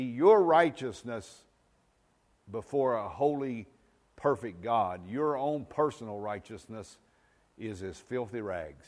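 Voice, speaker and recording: A man's voice: lowish voice, a little mellow, big-room sound. A pastor preaching a sermon to his congregation, emphatic and often asking whether they follow him. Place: church sanctuary.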